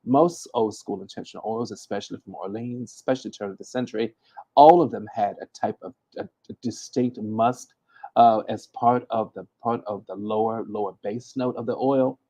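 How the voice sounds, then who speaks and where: A man hosting a casual livestream, playful and animated, teasing himself as he stumbles over hard words and restarts often. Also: lowish voice, moderate pace. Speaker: host giving hoodoo readings and advice. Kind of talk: casual livestream chat, reading from the chat.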